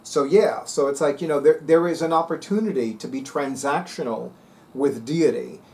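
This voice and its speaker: A man's voice: fairly high pitch, normal speed, darkish tone. A man talking casually to viewers as a vlog host, sassy, emphatic and dramatic. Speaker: spiritual video host.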